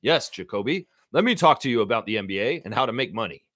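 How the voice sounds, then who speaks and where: A man mimicking a calm, soft-spoken veteran male basketball star who coaxes a young player in a low-key murmur. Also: fast, no room sound, clean studio sound. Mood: coaxing.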